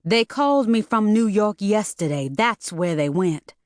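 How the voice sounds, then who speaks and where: A woman's voice: mid-range voice, animated, a little slow, no room sound, clean studio sound, natural voice. A woman voicing a worried, determined mother who speaks sharply and insistently. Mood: urgent.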